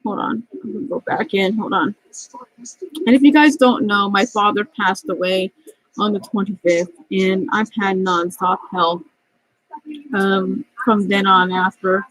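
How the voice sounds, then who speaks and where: Near tears and angry, this middle-aged vlogger rambles through a work story, frequently starting sentences over. She speaks a little slowly in a medium-pitched, steady, fairly bright voice, and the poor-quality audio has no room sound.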